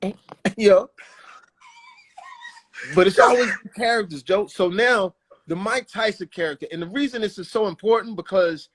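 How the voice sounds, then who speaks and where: A man telling stories as a guest in a casual interview, animated and quick to slip into voices. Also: sits high. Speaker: guest, comedian and actor. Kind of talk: casual storytelling.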